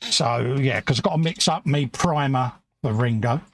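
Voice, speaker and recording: A man's voice: medium pitch, normal speed, no echo. A man co-hosting a casual livestream, chatty and jokey, chatting with viewers. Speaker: co-host of a modelling livestream. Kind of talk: casual chat.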